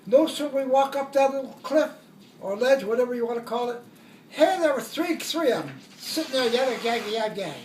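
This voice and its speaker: A man's voice: extremely high pitch, expressive, brisk, reverberant, distant mic, background noise. An older man, a war veteran, tells his stories in a rambling way, correcting himself as he goes and chuckling at his own jokes. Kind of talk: oral history storytelling.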